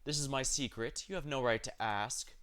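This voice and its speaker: A man reading the lines of a proud, dying old king in a hoarse, slow and haughty way. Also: medium pitch, a bit bright, close to an everyday voice. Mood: scornful. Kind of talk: dramatic reading of game story.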